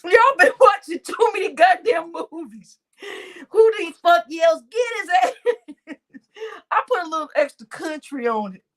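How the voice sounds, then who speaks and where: A woman's voice: extremely high pitch, animated, moderate pace, a bit bright. A woman hosting a live stream, laughing often and talking to her chat in crude slang. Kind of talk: casual live-stream commentary.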